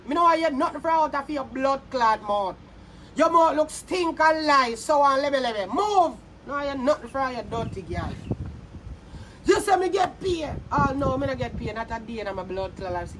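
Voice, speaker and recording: A woman's voice: high voice, fairly bright tone, slight background noise. A Jamaican woman vlogger ranting with heated, mocking, cursing insults aimed at a rival. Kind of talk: angry insult rant to camera.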